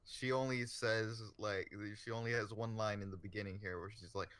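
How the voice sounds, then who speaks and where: A man co-hosting a podcast, chatting in a jokey, animated way. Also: on the low side, normal speed, clear, resonant tone, dry recording. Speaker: podcast co-host. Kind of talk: casual chat.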